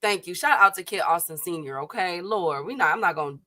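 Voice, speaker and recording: A woman from Chicago hosting a casual boxing livestream, chatty and quick to laugh, greeting viewers in the chat. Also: on the low side, expressive, pushed and bright, no echo. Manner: chatty, laughs often, many fillers.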